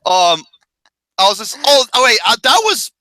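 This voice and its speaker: Guy with a bright high voice, goes up and down a lot, roasting his own photos, dry close mic. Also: very animated, moderate pace, no echo. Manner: crude, self-mocking, laughing. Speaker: podcast co-host. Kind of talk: casual banter reacting to photos.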